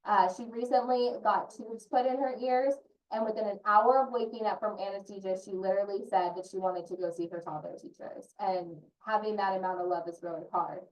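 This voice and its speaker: A woman's voice: mid-range voice, steady tone, brisk, a little mellow. A woman who works as an early childhood consultant, speaking earnestly and personally as a parent in an online training session. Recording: roomy echo from a distant mic.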